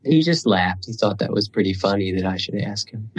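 A man giving a dharma talk as a meditation teacher, telling stories unhurriedly with pauses and the odd throat clearing. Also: lowish voice, rough recording.

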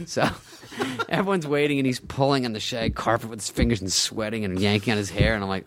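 A man's voice: on the low side, a little fast. A man, a guest comedian, telling stories in a casual chat, laughing often and acting out the people he quotes.

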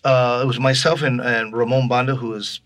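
A guest musician from Texas tells stories in an interview, animatedly acting out the voices of the people in them. His voice sits in the mid range and moves at a fairly quick clip.

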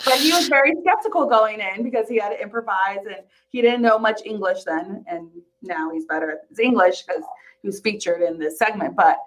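A woman co-hosting a casual podcast chat, laughing often and trailing off before she finishes a thought. Her voice sits at an ordinary middle pitch, easygoing and conversational. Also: fairly quick, low-quality recording. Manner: chatty, laughs often, trails off mid-sentence. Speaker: podcast co-host.

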